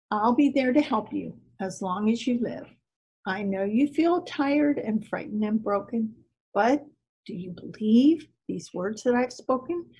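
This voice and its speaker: Woman doing a gentle wise man, hushed, breathy, unhurried. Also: fairly high pitch, highs cut off, full character voice. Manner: soft and hushed, sometimes whispered. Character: gentle, wise robed man, calm and loving.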